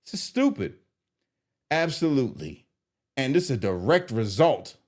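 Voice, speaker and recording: A man doing live commentary on viewer comments, animated and exasperated as he reads them aloud. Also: mid-range voice, normal speed. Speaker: streamer reacting to comments.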